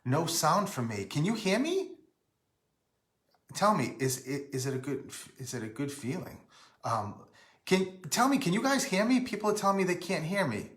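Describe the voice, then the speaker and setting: A man's voice: on the high side, very animated, normal speed, fairly bright tone, echoey room. A man from Rhode Island hosting a casual live stream, rambling and breaking off to greet viewers by name.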